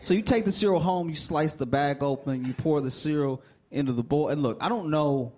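A man in his thirties from Louisiana doing a stand-up set, telling stories with acted-out voices and shouted punchlines. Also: a little high, brisk, some chatter behind. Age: 30s. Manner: animated storytelling, acting out voices, building to shouted punchlines. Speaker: stand-up comedian. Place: theater stage. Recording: live stage with audience noise.

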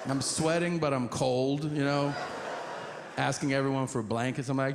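A man telling a stand-up story, acting out characters in shrieking high voices and talking in profane, fast bursts. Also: fairly even intonation, noisy background. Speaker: stand-up comedian.

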